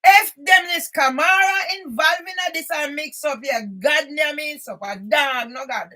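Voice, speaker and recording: Indignant older woman, high voice. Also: measured pace, poor audio. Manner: indignant, often bursts into shouting. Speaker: channel host. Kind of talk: reading documents aloud with angry comments.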